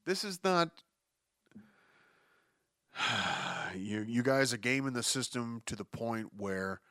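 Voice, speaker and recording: A man's voice: medium pitch, animated, takes it slowly, sharp tone, no room sound, clean studio sound. A man hosting a solo podcast, reading news and ranting about it in a profane, exasperated way, often restarting his sentences. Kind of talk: casual news commentary.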